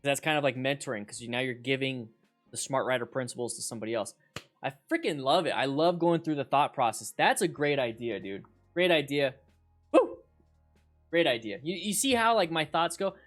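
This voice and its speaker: A man hosting a casual livestream chat with viewers, excitable and rambling, repeating himself with bursts of hype. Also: medium pitch, fairly quick, soft background music. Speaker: motorcycle riding instructor and channel host.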